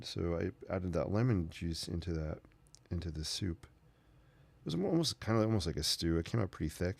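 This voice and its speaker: A man's voice: low voice, vocal fry, darkish tone. A man hosting a casual painting tutorial, rambling through chatty asides as he works. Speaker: sketching channel host.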